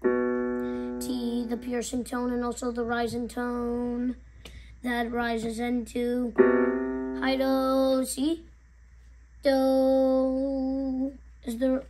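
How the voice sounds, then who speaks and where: A young woman giving a home video music lesson, explaining note names slowly with halting pauses and singing them. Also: a little high, fairly even intonation. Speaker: music teacher.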